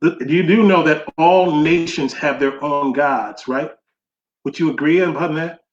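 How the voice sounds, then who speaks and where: A man's voice: fairly high pitch, a little slow, roomy sound, dull audio. A man in a heated religious debate who keeps saying "bro" and tries to steer the talk back to his argument.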